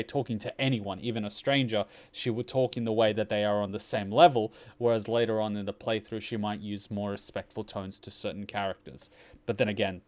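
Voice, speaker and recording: Australian male reaction host, low-pitched, rambling and animated. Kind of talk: casual commentary.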